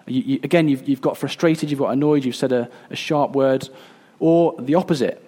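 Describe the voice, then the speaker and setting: Earnest male pastor with a mellow voice. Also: mid-range voice, fairly even intonation, breathy edge. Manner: earnest, halting with fillers and restarts. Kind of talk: sermon.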